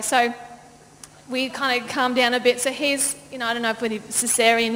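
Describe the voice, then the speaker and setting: A woman pastor telling a lively personal story in a sermon, laughing often and acting out the voices of the people in it. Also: a little high. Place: church auditorium. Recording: long church-hall reverb, faint noise.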